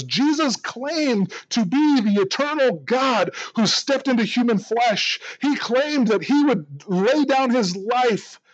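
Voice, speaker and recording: A man's voice: high voice, dry recording, muffled recording. A man preaching a sermon in an earnest way, often repeating the first word of a phrase. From United States. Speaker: pastor.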